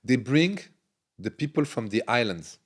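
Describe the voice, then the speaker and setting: A man from France with a French accent, a native French speaker, telling animated stories about prison in broken English in a casual podcast conversation. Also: mid-range voice, measured pace, breathy edge. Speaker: guest.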